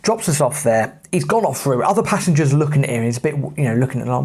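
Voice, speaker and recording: Lively English man telling travel stories. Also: a little high, fast talker, hardly any pauses, husky. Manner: lively anecdotal, laughs often. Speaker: podcast host. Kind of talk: casual travel storytelling.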